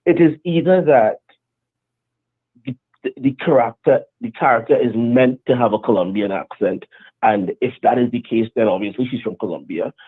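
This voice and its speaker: A man's voice: mid-range voice, normal speed, breathy edge. A man calling in to a live stream, arguing his point insistently. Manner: argumentative, insistent. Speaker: caller. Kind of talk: phoned-in rant. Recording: tinny phone line.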